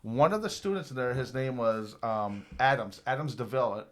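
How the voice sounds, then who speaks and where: A man in his fifties telling a long, rambling, profane story on a podcast, lively when quoting people. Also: medium pitch, normal speed, a crowd in the background. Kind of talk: casual storytelling.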